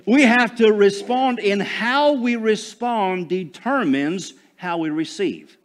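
A man from Michigan preaching a sermon to his congregation, calling for responses and rising loud on key phrases. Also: high voice, takes it slowly, hardly any pauses. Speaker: pastor.

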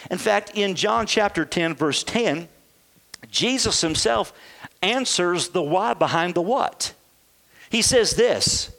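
Male pastor, high voice, preaching to a congregation, rhetorical questions. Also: vocal fry, fairly bright tone. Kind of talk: sermon.

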